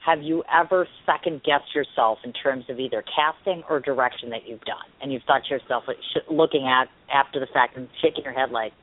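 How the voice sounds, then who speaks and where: A man's voice: mid-range voice, a little fast, few pauses. A man hosting an interview, asking long, winding questions with fillers. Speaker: interview host. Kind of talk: radio-style interview. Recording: tinny phone-line sound.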